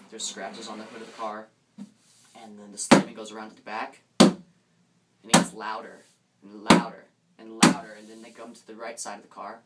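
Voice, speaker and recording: Young man telling a ghost story haltingly. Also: lowish voice. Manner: hesitant, many restarts, suspenseful. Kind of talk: casual spoken ghost story. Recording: distant mic, faint background noise.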